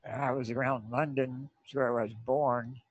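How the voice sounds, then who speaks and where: A player putting on a cold, polite young lad looking for work, his voice lifted a touch higher than usual. It sounds dull and lo-fi, dry and close. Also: steady tone, moderate pace, no echo, natural voice. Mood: polite, chilled. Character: young London-born boy laborer, cold and polite. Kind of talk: tabletop role-play voicing. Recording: dull lo-fi mic.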